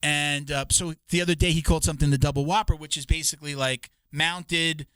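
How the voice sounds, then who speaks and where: A man's voice: on the high side, fairly even intonation, fairly quick, fairly bright tone, clear, resonant tone, no echo. A man co-hosting a podcast, talking casually and rambling, swearing and restarting his sentences often. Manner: rambling, profane, with many restarts.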